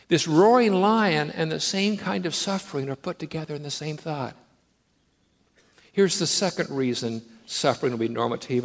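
A man preaching a sermon, moving between loud, emphatic declarations and hushed, intimate storytelling. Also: on the high side, expressive, measured pace, creaky. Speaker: pastor.

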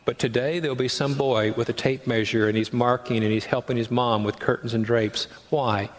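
A man's voice: medium pitch, steady tone, normal speed. A man preaching a sermon as pastor, conversational, with rhetorical questions and acted-out quotes. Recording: long hall reverb.

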